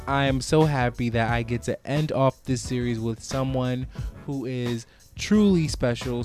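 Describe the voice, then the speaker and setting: An excitable young man hosts a casual podcast chat, quick to laugh and heavy on slang. His voice sits mid-range for a man, with faint music behind him. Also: mid-range voice. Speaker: podcast host.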